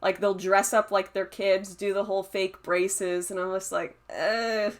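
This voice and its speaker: Speaking at a normal speed with a medium pitch, this young adult woman has a flat delivery. She hosts a casual livestream, reading chat comments aloud, answering them, and laughing often in a chatty way.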